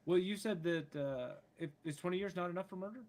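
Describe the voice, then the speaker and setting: A man's voice: sits high, fairly quick, a little mellow. Argumentative male podcast co-host. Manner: argumentative, questioning, earnest. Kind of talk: casual news chat. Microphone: remote call.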